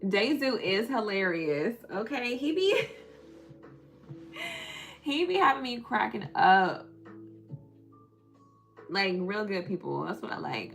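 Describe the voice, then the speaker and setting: A woman's voice: mid-range voice, gravelly. A young woman with a Southern US accent, tired, chatting on a live stream, reading the chat aloud and laughing often.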